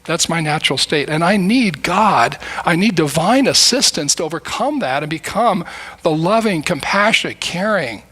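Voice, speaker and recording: Middle-aged male preacher, bright and slightly high voice, earnest, conversational sermon delivery. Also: expressive, moderate pace, slightly rough. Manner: earnest, conversational preaching with acted prayers and quotes. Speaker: guest preacher.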